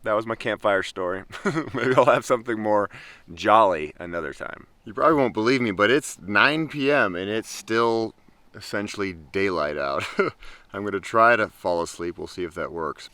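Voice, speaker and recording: A young man vlogging from his tent, telling a story in a lively, casual way and laughing often. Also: lowish voice, dry recording. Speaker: travel vlogger. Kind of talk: casual vlog monologue. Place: tent in the wilderness.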